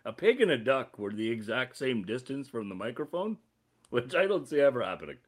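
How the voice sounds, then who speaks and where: A man's voice: medium pitch, fairly quick. A man hosting a casual podcast chat, goofy and prone to laughing. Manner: laughs a lot, goofy and animated. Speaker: podcast host.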